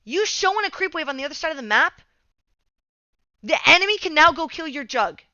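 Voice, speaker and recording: A woman's voice: high-pitched, lively intonation, a little fast, sharp tone, dry recording, muffled recording. A young woman giving casual game coaching over a replay, swearing often and getting heated as she rants.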